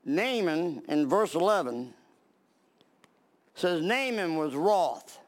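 A man's voice: on the high side, sing-song, slow. A man preaching a sermon, reading scripture aloud and then explaining it in plain talk with fillers and restarts.

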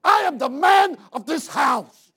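A man playing an angry husband shouting down his wife. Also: very high-pitched, expressive, takes it slowly, pitched above the performer's own voice, exaggerated voice. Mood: furious. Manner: shouting, domineering.

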